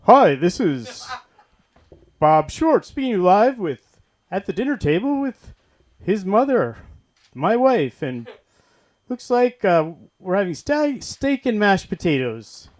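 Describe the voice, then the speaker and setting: A loud father who talks to his family like a live broadcast host, put on by a man on stage. He booms out every line in a raised, brassy announcer patter, pitched clearly above his everyday speaking voice. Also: big pitch swings, takes it slowly, heavily acted. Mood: announcing. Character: loud dad narrating family life like a broadcaster.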